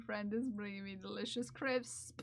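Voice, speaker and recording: A woman's voice: medium pitch, steady tone, slow pace, mellow, no echo. A woman live streamer chatting casually and playfully with her viewers, often giggling and teasing. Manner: playful, giggly, talks to chat. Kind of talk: casual livestream chat.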